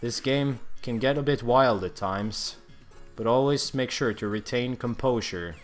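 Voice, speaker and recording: A young man giving comedic gameplay commentary in a mock-solemn, grandiose deadpan manner. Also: mid-range voice, a little slow, faint music behind.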